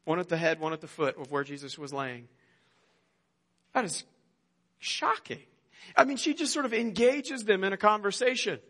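A man preaching a sermon, retelling a Bible story with animated storytelling and acted-out quotes. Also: normal speed, pauses often. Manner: animated storytelling, acts out quotes with rising pitch. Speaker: pastor.

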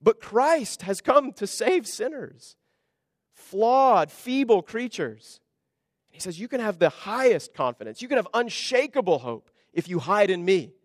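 A man preaching a sermon as pastor, earnest, with hushed asides and pressing emphasis. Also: sits high, sing-song, measured pace, dry recording, studio quality.

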